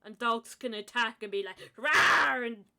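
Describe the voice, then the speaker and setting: Woman, co-host, high and bright, giggly and overdramatic. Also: steady tone, a little fast, clear, resonant tone. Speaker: podcast co-host. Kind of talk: casual chat.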